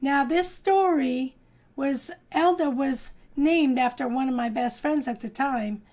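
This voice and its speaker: A woman teacher reading a storybook to young children and leading a drawing lesson, in a slow sing-song manner with lively voices for the characters. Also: high voice. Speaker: kindergarten art teacher.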